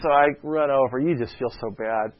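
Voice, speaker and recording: A man's voice: medium pitch, normal speed. A man preaching a sermon in a conversational, storytelling way, often checking in with his listeners by asking "okay?". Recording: dull lo-fi sound.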